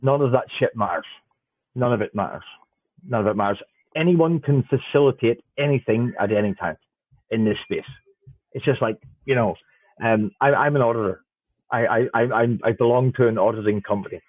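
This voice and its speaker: A man's voice: medium pitch, brisk, no room sound. A man with an Irish accent, a smart contract auditor, talking bluntly and swearing freely in a casual podcast chat. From Ireland. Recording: dry tinny phone-like line.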